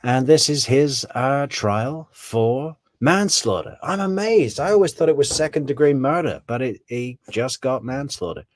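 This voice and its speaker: A man's voice: medium pitch, lively intonation, measured pace, hardly any pauses, dry recording. A man giving casual, rambling commentary on a true crime case, often correcting himself on names.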